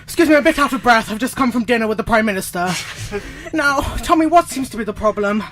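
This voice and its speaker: A self-important lawyer who lectures on rules with a pompous air and keeps breaking into giggles, played by a young woman. The voice is fairly high and bouncy, for an improv comedy scene. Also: expressive, quick pace, a bit bright. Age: young adult. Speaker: improv performer.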